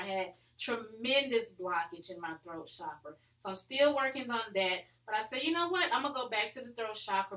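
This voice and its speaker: A woman podcast host talks in a chatty, upbeat way and fills her speech with plenty of "um"s and "you know"s. Her voice is bright and forward. The recording has a noticeably echoey room sound. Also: medium pitch. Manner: chatty and upbeat, many fillers. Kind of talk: casual solo podcast talk.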